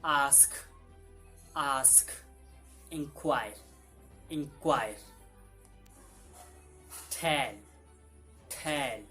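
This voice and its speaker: A man's voice: medium pitch, extremely slow, pauses often, sharp tone, faint music behind. A man teaching English vocabulary, saying each word twice in simple, broken English. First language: Hindi. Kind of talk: vocabulary lesson with repeated words.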